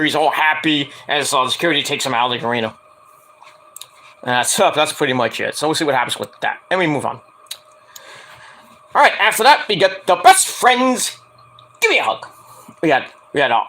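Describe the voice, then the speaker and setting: A man's voice: on the high side, pushed and bright. A man casually recapping a wrestling show, rambling with lots of "like" and "uh" fillers. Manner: rambling, heavy use of "like" and "uh" fillers; acts out quoted lines in a raised voice.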